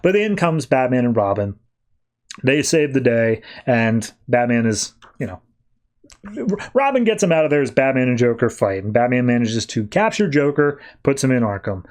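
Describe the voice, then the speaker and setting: A man hosting a podcast, casually recapping a comic book story with animated storytelling and quoted lines. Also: mid-range voice, normal speed. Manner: animated storytelling, quoting characters. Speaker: podcast host.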